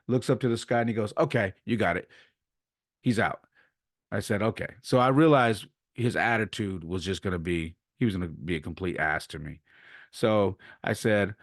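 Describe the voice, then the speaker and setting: A podcast host and coach tells a story in a relaxed, chatty way and acts out both sides of a conversation. His voice sits very low. The sound is dry and close, with no room in it. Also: no echo. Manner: animated retelling, acts out quoted exchanges. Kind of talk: casual storytelling monologue.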